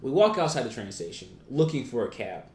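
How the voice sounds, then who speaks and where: A young man telling a story in casual chat, rambling with lots of restarts and filler. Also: big pitch swings. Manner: rambling, quick, many restarts and "like"s. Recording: echoey room with faint rumble.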